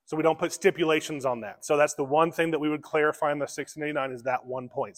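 A male pastor preaches in an earnest, conversational way, circling back over his phrases as he explains. His voice sits a little high for a man. The sound carries a long reverb from a large church hall. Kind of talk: sermon. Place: church sanctuary.

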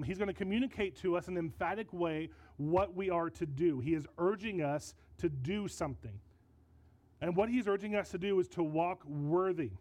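A male pastor delivering a sermon with a slightly high but warm, mellow voice. He teaches earnestly and stresses his points, often doubling back on a word. He speaks into a microphone in a church. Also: low-quality recording. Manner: earnest, emphatic teaching with repeated words. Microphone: handheld or stand mic.

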